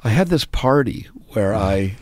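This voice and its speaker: A man's voice: lowish voice, animated, measured pace, dry recording. A man, a musician and startup founder, talking casually in a rambling way with many restarts and fillers. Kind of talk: casual conversation.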